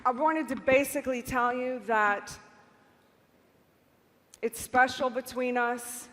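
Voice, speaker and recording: High, bright-voiced woman in a reverberant hall. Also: steady tone, slow, slight background noise. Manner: earnest, laughing often, many "like" fillers. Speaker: speaker at a live event. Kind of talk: personal storytelling to an audience. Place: large event hall with audience. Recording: reverberant hall from a live talk.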